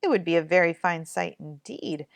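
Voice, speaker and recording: A woman's voice: fairly low pitch, animated, moderate pace, gravelly, no echo. A woman voicing a proud, rude elder daughter in a storybook, haughty and sarcastic.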